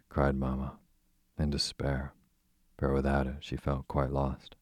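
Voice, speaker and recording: A man narrating a classic storybook in a steady, measured reading voice with a husky tone. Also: a bass voice, dry recording, clean studio sound. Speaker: audiobook narrator.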